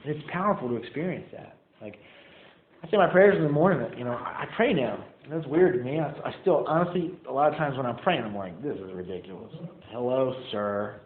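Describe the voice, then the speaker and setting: A man's voice: fairly high pitch, lively intonation, quick pace. A young man sharing his recovery story with a meeting group in a loose, casual way, saying "man" and "like" often. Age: young adult. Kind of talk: personal story told to a group. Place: meeting room. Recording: echoey room over a tinny phone-like line.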